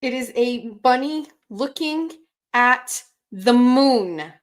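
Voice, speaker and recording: A woman hosting a casual livestream, excitedly opening gifts and chatting to her viewers while swearing freely. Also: a little high, slow pace. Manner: excitable, swears often, laughs and gasps. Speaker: livestream host.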